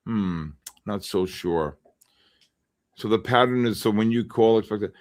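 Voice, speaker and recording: Speaking unhurriedly in a lowish register, a middle-aged livestream trading host rambles along in a chatty way. He keeps calling out people in chat by name.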